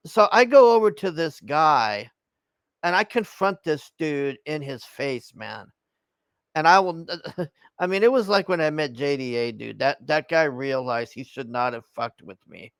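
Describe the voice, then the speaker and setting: A man's voice: fairly high pitch, animated, a little slow, smooth, dry recording. A man telling an angry story in a heated, profane rant, tagging his lines with "man". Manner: heated, swears constantly, tags lines with "man".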